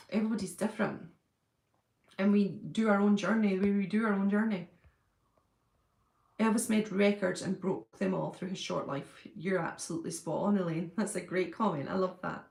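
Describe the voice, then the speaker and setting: Chatty woman with a gravelly edge. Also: mid-range voice, steady tone, normal speed, a little mellow, reverberant. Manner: chatty and effusive, reads out and answers comments. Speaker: livestream host reading viewer comments. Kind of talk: casual chat.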